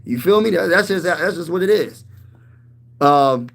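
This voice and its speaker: A man's voice: sits high, expressive, measured pace, vocal fry, fairly bright tone. Hyped, slangy man on a sports stream. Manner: hyped, slangy, reads and answers chat. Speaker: sports channel host. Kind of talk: casual live-stream sports talk.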